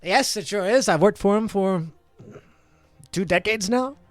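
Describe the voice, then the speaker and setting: A man's voice: high-pitched, unhurried, no room sound, faint music behind, pitched above the performer's own voice. A man voicing a panicky, goofy male necromancer spirit who whines and rambles in a tabletop game. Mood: chatty. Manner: giddy, whiny, rambling.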